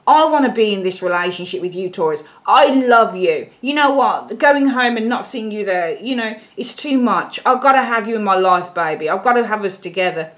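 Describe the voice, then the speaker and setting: A woman's voice: medium pitch, animated, moderate pace, few pauses, natural voice. A woman voicing a man who is scared of commitment, sighing and mumbling reluctantly. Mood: pleading.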